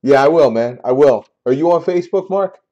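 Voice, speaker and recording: A man's voice: on the high side, expressive, a little fast, highs cut off. Exasperated man hosting a card break. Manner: exasperated, repetitive, loud outbursts. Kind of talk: casual live-stream banter.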